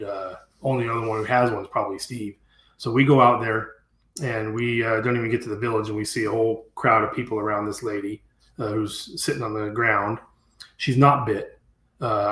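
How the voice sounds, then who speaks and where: A man telling a story as a guest in an interview, animated and acting out what people said. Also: lowish voice. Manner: animated storyteller who acts out quoted speech. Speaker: guest, dangerous game hunter. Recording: roomy echo.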